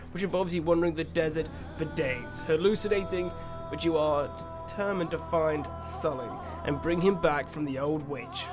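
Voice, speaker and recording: A man narrating a video game review with excitable, animated reactions. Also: high voice.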